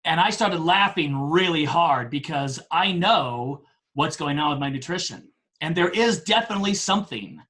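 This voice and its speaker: A man in his forties, a podcast guest telling a story in a casual, animated way, often laughing and poking fun at himself. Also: a little high, normal speed. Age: 40s.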